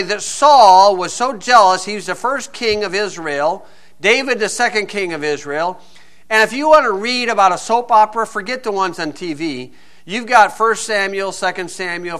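A man's voice: sits high, sharp tone. A man preaching a sermon in a folksy, joking and emphatic way.

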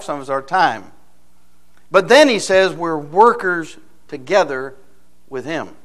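A man's voice: sits high, a bit bright. A man preaching a sermon in a folksy, storytelling way, asking the congregation frequent rhetorical questions.

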